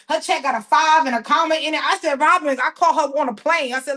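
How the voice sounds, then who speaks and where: A woman coaching her team on a casual call, chatty and folksy, often shouting with excitement. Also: high-pitched, fast talker, few pauses.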